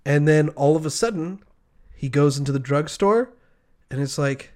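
A man in casual comedic chat, playfully pitching a made-up movie plot and doing quick voices. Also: a little mellow. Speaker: podcast co-host.

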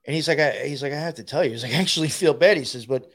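Male guest, rough-mouthed and rambling, voice sitting a little high. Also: very fast, fairly bright tone. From New York. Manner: profane, rambling, laughs while telling. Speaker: guest telling a story. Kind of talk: casual storytelling.

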